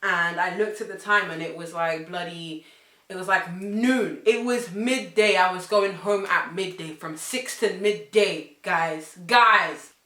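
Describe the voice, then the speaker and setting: A young woman telling a casual story, swinging between loud outbursts and hushed asides. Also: on the low side, measured pace. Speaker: vlogger. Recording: echoey room.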